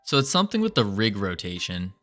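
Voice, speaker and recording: A man's voice: fairly low pitch, huge pitch swings, fast, fairly bright tone, faint music behind. A man on a casual livestream, rambling and thinking aloud with small restarts while he works on code. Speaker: game developer streaming.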